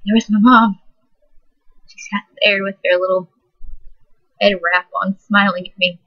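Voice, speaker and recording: Soft, husky teen girl, halting. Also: medium pitch, fairly even intonation. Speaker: vlogger. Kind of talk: personal storytelling. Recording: dull lo-fi recording.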